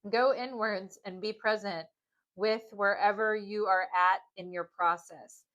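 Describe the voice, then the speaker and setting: A woman's voice: medium pitch, steady tone, unhurried, fairly bright tone. Woman reading tarot to viewers, loose and chatty with many fillers, on a dull, lo-fi recording. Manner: rambling, filler-heavy, keeps asking "okay?". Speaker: tarot reader. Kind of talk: casual pick-a-card tarot reading.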